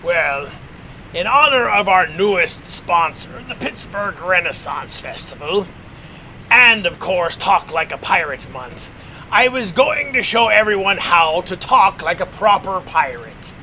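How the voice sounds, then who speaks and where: A man's voice: high-pitched, sing-song, a little slow, sharp tone, a little hiss or hum, heavily acted. A man playing a boisterous pirate captain. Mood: grand. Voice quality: theatrical pirate bluster with hearty laughs. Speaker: horror host. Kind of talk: sketch comedy.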